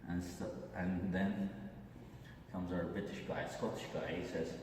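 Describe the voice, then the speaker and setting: Man, Azerbaijani accent, low voice, measured delivery, far from the mic in a booming echoey hall. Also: little pitch movement, a little mellow. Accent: Azerbaijani, Aghdam. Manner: deliberate, measured delivery with occasional restarts. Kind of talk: reading a prepared comic monologue. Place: large hall indoors. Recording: echoey hall, distant mic, faint hiss.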